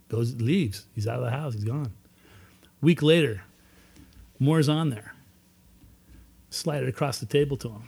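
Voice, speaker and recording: A man's voice: medium pitch, unhurried, vocal fry, long pauses, darkish tone, husky. A man speaking at a recovery meeting, telling his own story with earnest, emphatic repetition. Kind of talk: personal testimony talk.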